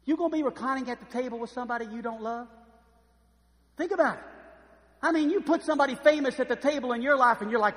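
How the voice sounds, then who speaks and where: A man preaching a sermon, telling lively stories and acting out the voices of the people in them. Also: extremely high pitch, fast, long reverb tail. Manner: animated storytelling, acts out voices. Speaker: pastor. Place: church.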